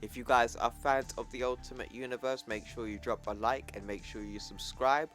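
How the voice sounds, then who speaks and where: A man's voice: medium pitch, steady tone, normal speed, fairly bright tone, soft background music. A young man giving a casual, chatty comic recap in slangy talk, with asides to viewers. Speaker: YouTube comic reviewer.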